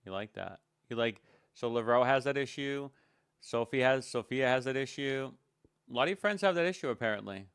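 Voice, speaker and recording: Sarcastic man with a smooth voice. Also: mid-range voice, expressive, a little fast, a bit bright, no echo, studio quality. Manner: sarcastic, blunt, swears. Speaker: commentator reacting to a stream. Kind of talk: reaction commentary.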